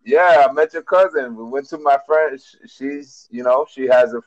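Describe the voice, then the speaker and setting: A man's voice: medium pitch, normal speed, no room sound, lo-fi sound. A man with a Miami accent, a podcast host rambling through a story in casual group chat with lots of restarts.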